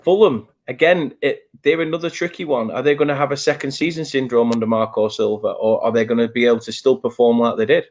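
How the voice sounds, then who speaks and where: A man's voice: medium pitch, steady tone, fast, hardly any pauses, darkish tone, muffled recording. A man with a Northern English accent hosting a casual football prediction chat, joking and laughing through banter. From Northern England. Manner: jokey, laughs often, banter. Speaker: show host.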